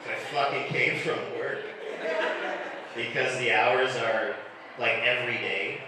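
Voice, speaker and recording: A man doing a live stand-up set in a comedy club, crude and deadpan, chatting with the crowd. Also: mid-range voice, unhurried. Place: comedy club stage, heard from afar. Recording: echoey room recorded from a distance. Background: audience noise.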